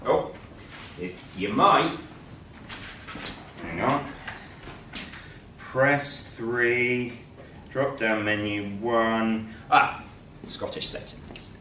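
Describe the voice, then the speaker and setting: Slow, playful male teacher in an echoey room. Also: mid-range voice, bright, forceful tone, slight background noise. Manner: playful, joking, talks while drawing. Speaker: teacher presenting a school assembly. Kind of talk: light-hearted assembly presentation. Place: school room. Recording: echoey room, mic at a distance.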